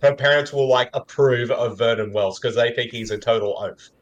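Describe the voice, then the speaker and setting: A man's voice: mid-range voice, normal speed, dull audio. An Australian man co-hosting a casual chat over a movie, explaining the plot and laughing often. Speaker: co-host of a movie-watching podcast.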